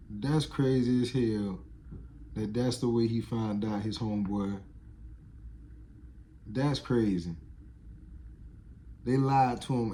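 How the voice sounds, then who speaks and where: A man reacts to a video in casual slang, loud and emphatic. His voice is dark and mellow. Faint background noise runs under him. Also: medium pitch. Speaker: commentator reacting to a clip.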